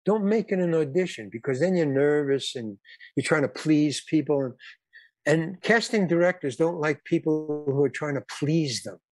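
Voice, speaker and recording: A man in his eighties, appearing as a guest actor and comedian, rambles through casual anecdotes in a fairly high voice at a moderate pace. He repeats words, restarts, and swears bluntly now and then; there's no echo.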